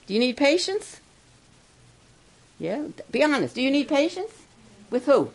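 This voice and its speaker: A woman's voice: medium pitch, darkish tone. An older woman giving a sermon at a camp, coaxing her listeners with many questions. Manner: coaxing, asks the crowd questions. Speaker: camp speaker.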